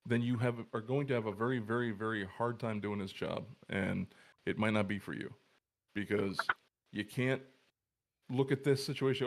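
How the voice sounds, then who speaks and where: A man's voice: on the low side, normal speed, a little hiss or hum. A man co-hosting a live podcast over a video call, talking casually and bluntly, swearing freely and stammering as he starts his points. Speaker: paramedic podcast co-host.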